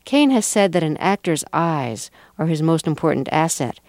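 A woman hosting a radio interview, her voice low for a woman. She speaks in a measured, precise way, and the sound is dry and close. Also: sing-song, darkish tone, dry recording. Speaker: radio host. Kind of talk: scripted introduction and interview.

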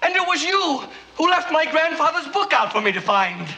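An actor playing an excitable young male doctor in a film, emphatic and insistent. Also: very high voice, normal speed, gravelly, a little hiss or hum, heavily acted. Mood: accusing. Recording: echoey film soundtrack over loud music.

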